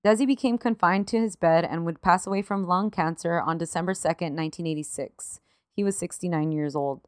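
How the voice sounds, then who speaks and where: A woman co-hosting a podcast tells a story partly read from notes in casual chat, emotional and laughing through tears while swearing freely. Her voice is on the low side and fairly quick, with a clean tone and no room sound in studio quality.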